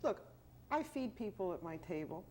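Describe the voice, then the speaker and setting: A woman's voice: medium pitch, sing-song, moderate pace, darkish tone. A middle-aged woman leads a televised panel discussion. She asks questions and often jumps in to finish other speakers' sentences, with a faint hiss under her voice. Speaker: discussion host.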